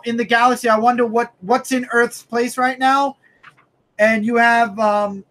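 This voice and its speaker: A man co-hosting a casual comic book review chat, animated and emphatic, often repeating himself and breaking into shouts. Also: very high-pitched. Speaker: comic book podcast co-host.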